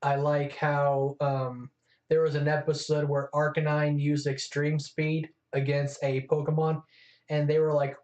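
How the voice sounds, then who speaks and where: A man's voice: on the high side, level tone, a little slow, darkish tone. A man co-hosting a casual chat, talking eagerly and freely. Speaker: co-host. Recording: echoey room, dull lo-fi sound.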